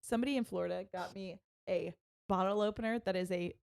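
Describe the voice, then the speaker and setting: A woman's voice: medium pitch, quick pace, creaky, a little mellow. A woman streamer reading a funny story aloud to friends in casual chat, giggling often.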